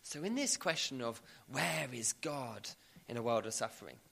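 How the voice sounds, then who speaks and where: A man's voice: mid-range voice, animated, normal speed, vocal fry, fairly bright tone. A man preaching a sermon, emphatic, building to rising repeated questions.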